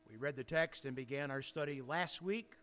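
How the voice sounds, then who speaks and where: A man preaching an expository sermon, reading scripture slowly with emphatic pauses, and a faint hum in the recording. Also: mid-range voice, a bit bright. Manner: slow, deliberate, emphatic reading with dramatic pauses. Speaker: pastor.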